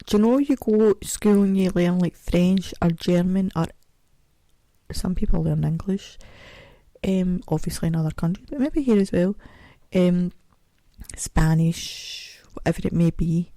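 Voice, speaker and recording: A woman's voice: on the low side, a little slow, pauses often, dark tone, no echo. A middle-aged Scottish woman hosting a podcast alone, chatting in a rambling, self-mocking way. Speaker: podcast host. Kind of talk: casual solo podcast chat.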